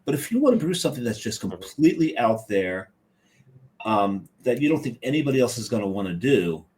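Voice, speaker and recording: A man co-hosting a casual podcast, rambling and joking with lots of filler pauses. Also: mid-range voice, big pitch swings, a little mellow. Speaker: podcast co-host.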